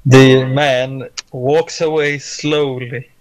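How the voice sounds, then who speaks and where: A man narrating calmly as the game master of a tabletop game. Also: mid-range voice, drawn-out words, poor audio.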